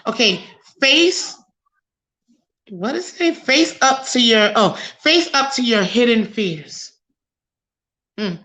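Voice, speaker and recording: Female host, fairly high and slow-paced, animated and preachy, overheated under studio lights. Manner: animated, preachy, laughs a lot. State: overheated and sweating. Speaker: podcast host. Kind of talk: casual talk-show discussion.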